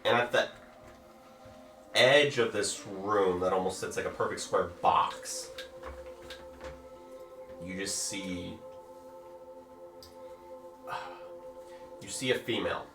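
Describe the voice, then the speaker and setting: A man narrating a tabletop game as game master, with slow, drawn-out storytelling. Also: deep voice, sharp tone. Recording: roomy, far from the mic, music behind.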